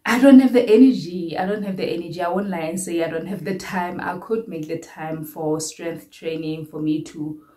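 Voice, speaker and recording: A woman's voice: low voice, flat delivery, moderate pace, hardly any pauses, darkish tone. A young South African woman giving a candid, rambling update to her viewers and often repeating her phrases. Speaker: vlogger.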